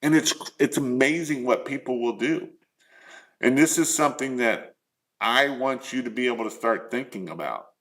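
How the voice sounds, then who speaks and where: A man's voice: medium pitch, moderate pace, fairly bright tone. A man coaching small business owners in a live stream, earnest and repetitive, firing off rhetorical questions.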